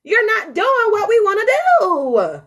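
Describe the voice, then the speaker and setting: A woman's voice: very high voice, huge pitch swings, slow, a bit bright, voice pushed up, exaggerated voice. A woman voicing her own heart, blunt and bossy. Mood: pushy. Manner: blunt, scolding, swears casually. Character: her own heart, female, frank, pushy, fed up.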